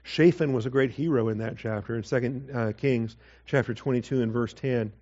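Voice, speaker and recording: A man giving a conversational verse-by-verse Bible teaching, with asides and quick acted quotes. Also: medium pitch, darkish tone, lo-fi sound.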